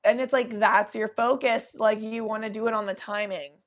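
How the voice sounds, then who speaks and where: A young adult woman hosting a podcast, telling a story in an animated, profane, laughing way. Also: fairly high pitch, normal speed, slight background noise. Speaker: podcast host. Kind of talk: casual storytelling.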